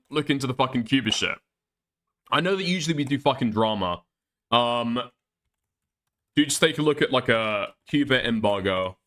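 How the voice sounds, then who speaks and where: Brief: male streamer with a bright, animated voice, profane and rambling. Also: medium pitch. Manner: profane, rambling, laughing asides. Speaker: streamer host. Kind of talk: casual reaction commentary.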